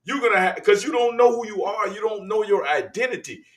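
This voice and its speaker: A man hosting casual reaction commentary. He talks in an animated, slangy way and addresses the audience as "y'all.". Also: high voice, fairly quick. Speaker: podcast host.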